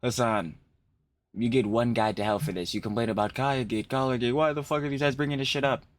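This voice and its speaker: A man hosting a casual reaction stream, animated and profane, repeating himself for emphasis. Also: mid-range voice, fairly quick.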